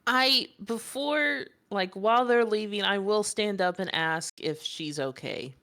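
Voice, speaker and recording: A woman's voice: mid-range voice, measured pace, a bit bright. A woman playing in a tabletop game, speaking casually and a little hesitantly. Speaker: player.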